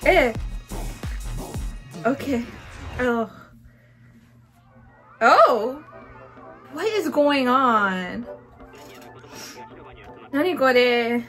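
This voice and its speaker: A woman's voice: sits high, expressive, extremely slow, pauses often, fairly bright tone. A young woman hosting a music video reaction, gushing and exclaiming, now and then dropping in Japanese words. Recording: faint music behind.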